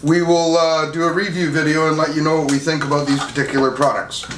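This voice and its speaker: A man's voice: fairly high pitch, little pitch movement, fast, a bit bright. A man hosting a casual chat about drone accessories, rambling with fillers and restarts. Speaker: channel host reviewing drone gear. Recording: echoey room with faint noise.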